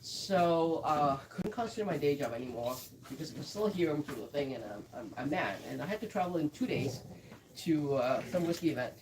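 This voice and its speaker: A woman's voice: low voice, animated, fairly quick, far from the mic, noisy background. A woman who blends whiskey, chatting through a live tasting and telling stories with quoted asides.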